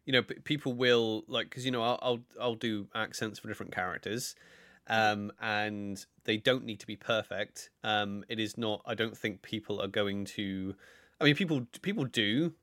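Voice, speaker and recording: A man's voice: lowish voice, normal speed, fairly bright tone, no echo, studio quality. A man co-hosting a podcast, giving earnest advice in a casual chat and often restarting his sentences. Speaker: podcast co-host.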